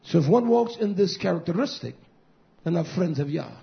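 A man preaching a fiery, scolding sermon, swinging between shouted lines and hushed ones. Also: high-pitched, expressive, a little fast, gravelly. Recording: dull lo-fi recording.

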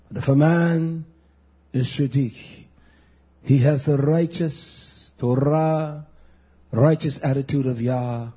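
Husky high-voiced male preacher, lively. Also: lo-fi sound. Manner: call-and-response preaching, questioning the congregation. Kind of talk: sermon.

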